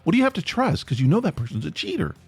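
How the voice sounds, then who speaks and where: A man's voice: high-pitched, sing-song, very fast, gravelly, breathy edge, no echo, soft background music. A man hosting a solo podcast in a casual, rambling way, often stopping and restarting his sentences. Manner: rambling, self-interrupting, chatty. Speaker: podcast host. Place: home near Atlanta.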